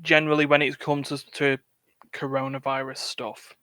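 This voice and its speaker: A man from England hosting a casual gaming podcast, rambling and quick to laugh. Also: mid-range voice, little pitch movement, sharp tone, clean tone, no echo. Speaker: podcast host. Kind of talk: casual chat.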